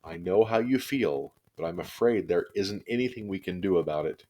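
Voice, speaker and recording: A man reads a kind kindergarten teacher woman in a storybook, speaking gently but firmly. The voice stays close to his own low register, lifted only slightly. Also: lively intonation, normal speed. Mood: soothing.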